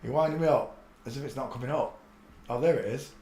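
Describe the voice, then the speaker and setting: A man's voice: mid-range voice, fast, darkish tone, slight background noise. A man hosting a casual live stream, rambling and muttering to himself as he searches for clips. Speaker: channel host. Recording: echoey room.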